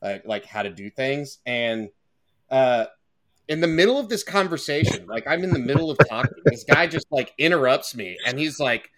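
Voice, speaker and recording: A man's voice: mid-range voice, animated, moderate pace, a bit bright. A man on a podcast telling a story in a heated, profane, casual way. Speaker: podcast co-host.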